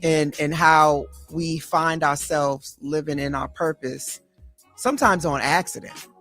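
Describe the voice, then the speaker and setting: The host, a therapist and life coach, reflects on the guest's story in a podcast interview. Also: female voice, deep voice, measured pace, a bit bright, faint music behind.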